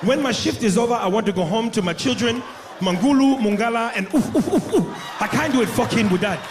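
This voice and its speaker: A comedian voicing a blunt adult male safari guide who refuses to go near lions, loud and hammy. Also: extremely high pitch, fairly quick, echoey room, noisy background, voice pushed up. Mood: defiant. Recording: live club mic, crowd laughter.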